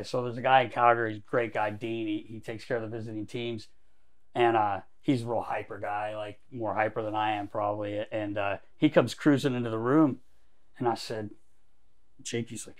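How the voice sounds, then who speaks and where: A man's voice: fairly low pitch, fairly even intonation, normal speed. Man telling stories with lots of quotes. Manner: acts out other people's lines in quotes. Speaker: podcast co-host. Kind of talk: animated storytelling.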